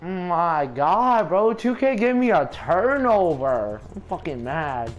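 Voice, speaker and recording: A man with a fairly high voice and an unhurried drawl gives live gameplay commentary. He trash-talks and curses at his opponent in frustration, with faint music playing behind him. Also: big pitch swings, muffled recording. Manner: trash-talking, cursing, frustrated. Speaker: gaming content creator.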